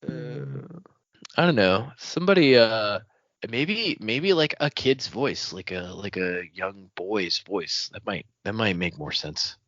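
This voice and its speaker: Joking podcast guy, lively up and down voice, dry dull audio. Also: on the low side, slow, creaky, no echo. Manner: joking, laughs often. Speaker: podcast co-host. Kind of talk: casual chat.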